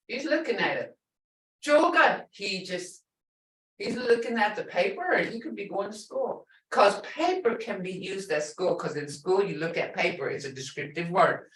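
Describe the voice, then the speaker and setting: A woman's voice: medium pitch, fairly bright tone. Woman teaching in an echoey room. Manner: repeats words slowly and quizzes the class. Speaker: language instructor. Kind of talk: classroom teaching. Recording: echoey room, distant mic.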